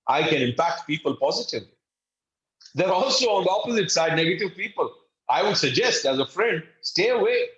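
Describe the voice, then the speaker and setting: A man's voice: sits high, a bit bright, echoey room, dull audio. A man teaching an online course lecture in an earnest, emphatic way, speaking to listeners as friends and acting out short quoted exchanges. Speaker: course instructor.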